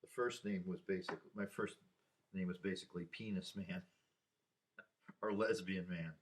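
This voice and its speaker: A man in his sixties talking through personal memories in a rambling, halting way, with sighs and restarts. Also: deep voice, fairly even intonation. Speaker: vlogger. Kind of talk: casual personal monologue.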